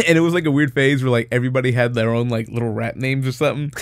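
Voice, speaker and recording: A man's voice: medium pitch, fairly even intonation, fast talker, dry recording, studio quality. A young man, chatting casually on a podcast, rambling through a story with lots of laughs and swearing. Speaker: podcast co-host. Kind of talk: casual chat.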